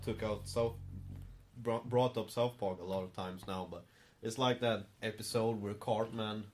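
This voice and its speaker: A man's voice: on the low side, fairly even intonation, a little slow, slight background noise. A man, co-hosting a podcast in casual chat, often hesitant and laughing. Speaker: podcast co-host.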